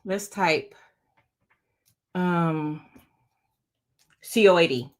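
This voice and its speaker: A woman's voice: on the low side, very slow. A woman hosting a casual crafting livestream, bubbly and chatty, laughing often and talking straight to her viewers. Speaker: crafting channel host.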